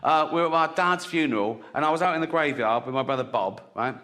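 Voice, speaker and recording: A man's voice: on the high side, fast talker, a bit bright. A man from Reading with an English accent performing a stand-up routine, telling crude stories in a blunt, chatty way and often checking in with "right?". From Reading, England. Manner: blunt, crude, conversational storytelling with frequent "right?". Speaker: stand-up comedian. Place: large theatre before a live audience. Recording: reverberant live theatre with crowd laughter.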